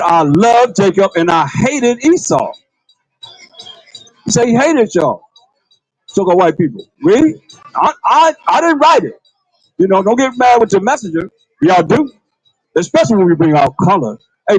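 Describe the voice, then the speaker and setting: A man's voice: high voice, no room sound, low-quality recording. A man preaching a livestreamed sermon in a casual, repetitive way, full of rhetorical questions and calling on a reader to read. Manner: colloquial, calls on a reader to read. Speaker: priest.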